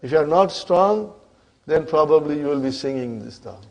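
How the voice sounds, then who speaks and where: A man teaching Arabic grammar to a class in English, often stopping to ask whether the students follow, and spelling out grammar terms slowly. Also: a little high, animated, vocal fry, darkish tone, dull audio. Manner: checks in with students constantly, asking "huh?" and "are you with me?".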